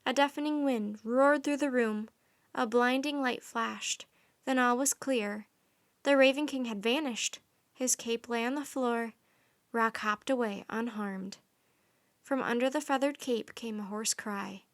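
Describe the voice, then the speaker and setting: A woman reading a children's story aloud in soft, even narration. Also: a little high, unhurried.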